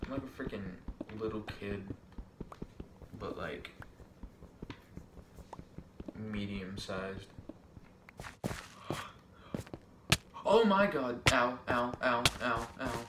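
A young gaming vlogger with a medium-pitched voice talks extremely slowly with frequent pauses, far from the mic in an echoey room with background noise. His casual game commentary is jumpy and full of joking self-talk, with yelps and shrieks when something startles him.

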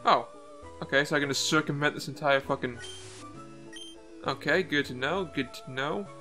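A man's voice: fairly high pitch, normal speed, sharp tone. Sarcastic man commentating gameplay. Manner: casual, sarcastic, crude jokes. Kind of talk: let's play commentary. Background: faint game music.

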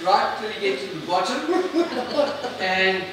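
A man's voice: high-pitched, animated, slow pace. A man voicing a polite, officious old gatekeeper saint in a joke. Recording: echoey, noisy, far from mic.

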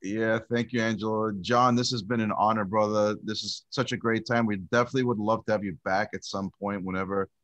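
A man's voice: fairly low pitch, steady tone, brisk, few pauses, a bit bright, no room sound, lo-fi sound. A man co-hosting a podcast, asking friendly interview questions with many fillers. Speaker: podcast co-host.

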